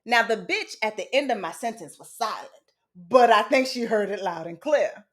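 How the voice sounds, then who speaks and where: Woman host, higher voice, very lively pitch, candid storytelling, frank and casual. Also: moderate pace. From United States. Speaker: podcast host. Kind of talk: personal storytelling monologue.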